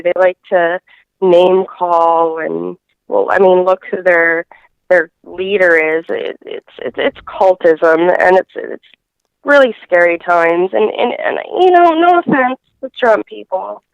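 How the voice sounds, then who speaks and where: A woman guest in a casual interview, talking in a halting way with many fillers and restarts over a phone line. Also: on the low side, clear, resonant tone, dry recording.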